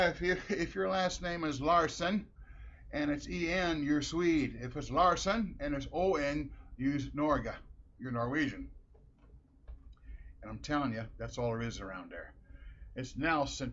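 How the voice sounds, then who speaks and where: A man's voice: on the high side, a bit bright. A middle-aged man from Minnesota telling rambling stories in a casual monologue, chuckling between wry remarks. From Minnesota, USA. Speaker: vlogger. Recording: dull lo-fi audio.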